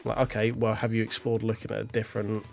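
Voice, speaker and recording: Blunt, sweary streamer. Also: male voice, on the low side, monotone, quick pace, creaky, soft background music. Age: millennial. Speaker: sim racing streamer. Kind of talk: casual ranting chat.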